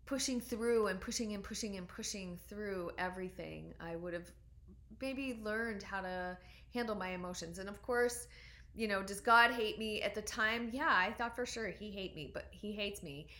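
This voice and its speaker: Woman, 40s, doctor, personal storytelling, earnest, reflective, halting with fillers, medium pitch. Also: pushed and bright. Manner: earnest and reflective, frequent ums and restarts.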